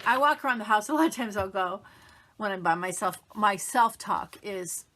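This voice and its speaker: Middle-aged woman, motivational vlogger; bright, chatty, upbeat delivery that acts out quoted self-talk. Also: medium pitch, moderate pace. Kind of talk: casual motivational talk to camera.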